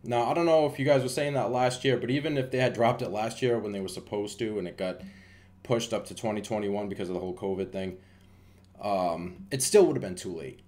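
A man's voice: lowish voice, fairly quick, darkish tone. A man giving a casual, rambling movie review, with lots of fillers and restarts.

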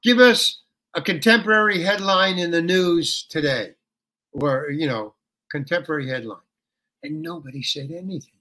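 An older man telling a story as an interview guest, animated and colloquial, often saying "man" and "you know". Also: a little high, moderate pace.

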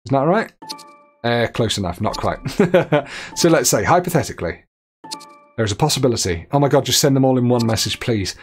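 A man's voice: medium pitch, lively intonation, a little fast, soft background music. Chatty man streaming a game. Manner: chatty, reads chat aloud and laughs often. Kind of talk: live game stream commentary.

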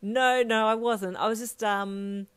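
A woman's voice: lowish voice, steady tone, clear, resonant tone, close to an everyday voice. Woman voicing a flustered young woman. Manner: flustered, quick denials. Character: emotional young woman, the listener.

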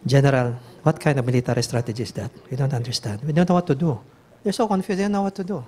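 A man's voice: mid-range voice, fast, warm tone. A man with a Filipino accent preaching a bible teaching sermon, emphatic and often questioning his listeners. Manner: emphatic, questioning the audience, reads verses aloud. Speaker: pastor.

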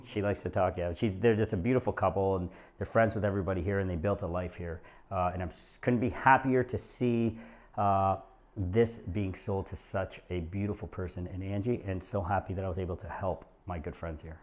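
A man working as a real estate agent, talking straight to his viewers in a vlog, excited and emotional. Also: deep voice, brisk, slight background noise. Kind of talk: vlog narration to camera. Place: condo overlooking the ocean.

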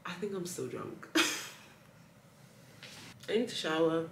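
A woman's voice: low-pitched, sing-song, takes it slowly, creaky, roomy sound, recorded from a distance, background noise. A young woman chatting casually to camera as a travel vlogger while she gets ready in a hotel room, joking about herself as she goes. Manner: chatty, self-deprecating, talks to viewers while getting ready. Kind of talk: casual vlog chat to camera.

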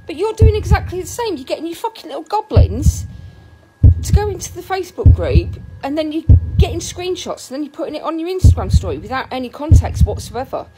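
An angry woman rants straight to camera, her voice rising and falling widely as she swears. The clip has loud background noise and a low hum under her voice. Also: a little fast. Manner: furious, swearing, animated.

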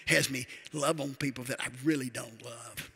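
A man's voice: mid-range voice, steady tone, normal speed, vocal fry, fairly bright tone, husky, soft background music. An older man, a retired pastor, preaching a sermon in a church with emphatic, repetitive declarations.

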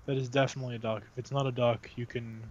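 A man's voice: mid-range voice, level tone, quick pace, dull audio, a little hiss or hum. A young man joining in on a game commentary, teasing his friends, swearing and pressing them with questions. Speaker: let's play co-commentator. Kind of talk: casual gaming banter.

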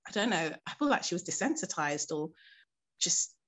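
Earnest woman, halting testimony. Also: on the low side, very animated, a bit bright. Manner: earnest, halting storytelling with frequent pauses and fillers; keeps her composure while recounting something painful. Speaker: interviewee. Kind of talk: personal testimony in a documentary interview.

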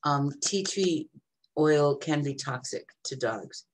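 Low-voiced, unhurried woman in her seventies. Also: animated. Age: 70s. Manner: chatty and meandering, reads product labels aloud. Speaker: vlogger. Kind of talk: casual unboxing vlog.

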